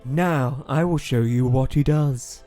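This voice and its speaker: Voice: mid-range voice, takes it slowly, dark tone, faint music behind, natural voice. A radio co-host voicing a perky female TV news presenter in a comic fan-fiction reading. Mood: chirpy.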